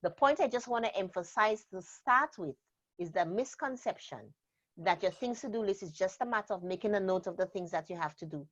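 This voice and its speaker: A woman's voice: medium pitch, lively intonation. Emphatic woman trainer, dull lo-fi sound. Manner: emphatic, deliberate, stresses key words. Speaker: productivity trainer. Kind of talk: instructional interview talk.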